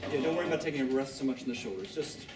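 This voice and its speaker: A man coaching a chorus rehearsal, energetic and encouraging, with sung demonstrations. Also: medium pitch, very fast. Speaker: vocal coach. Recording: echoey room, distant mic, loud background noise.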